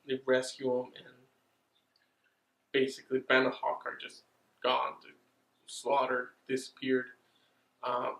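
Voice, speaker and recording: A man's voice: medium pitch, creaky, reverberant, poor audio. A man casually recapping an anime plot, swearing often and getting worked up. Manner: excited, swears a lot, drawn-out pauses. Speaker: anime reviewer.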